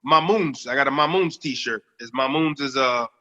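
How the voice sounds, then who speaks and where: A young baritone from the Northeast United States cohosts a podcast, telling a story in casual chat full of laughs and swearing. He speaks at a moderate pace with a bright, forceful tone, and the audio is dull with a big-room sound.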